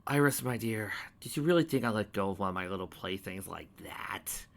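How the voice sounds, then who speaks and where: A man voicing a sadistic male villain spirit who gloats and mocks in a deep voice. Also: animated, fairly quick, vocal fry. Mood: silky. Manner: gloating, mocking.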